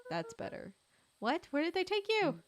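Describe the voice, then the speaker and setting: A woman's voice: very high-pitched, huge pitch swings, moderate pace, soft background music, pitched above the performer's own voice, full character voice. A woman reading a goofy, cheerful grown-up boy aloud in a playful drawl while playing a game. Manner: playful, drawling, trying for a twang.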